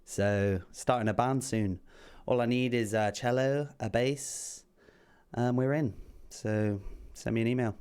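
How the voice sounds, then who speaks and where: A man hosting a music reaction video, chatting excitedly and swearing freely. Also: mid-range voice, unhurried, smooth. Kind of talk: casual reaction commentary.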